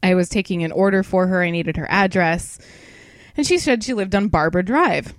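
A woman's voice: lowish voice, fairly quick, no echo, clean studio sound. A young woman co-hosting a podcast, a bit tipsy, rambling and swearing freely with lots of laughs. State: tipsy from wine. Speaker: podcast co-host. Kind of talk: casual chat.

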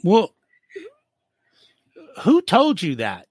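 Lively high-voiced man acting out dialogues. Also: extremely slow, breathy edge, no room sound, studio quality. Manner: animated, acts out little dialogues. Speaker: business profitability guest. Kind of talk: casual interview explaining.

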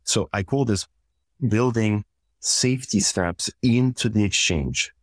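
A man, a couples therapist, calmly explaining communication steps in a podcast interview and acting out example exchanges. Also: lowish voice, unhurried, no room sound. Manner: calm, methodical, walks through numbered steps and acts out example exchanges.

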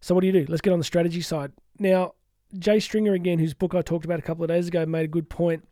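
A man's voice: on the high side, quick pace, dry recording, studio quality. A man giving a candid motivational talk as a life coach, joking at his own expense and acting out his inner voice in mock quotes. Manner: candid, self-mocking, animated asides.

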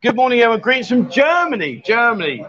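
A man's voice: extremely high pitch, very animated, quick pace, a bit bright, highs cut off. A man hosting a casual live-stream chat, teasing his co-host and laughing often.

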